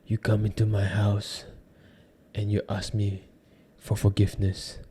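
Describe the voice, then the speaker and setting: A man doing an impression of an older mob boss from a classic gangster film, in a low, slow, brooding delivery. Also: completely flat delivery, mellow, slight background noise, lightly acted. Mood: menacing. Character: menacing older male mob boss, quiet.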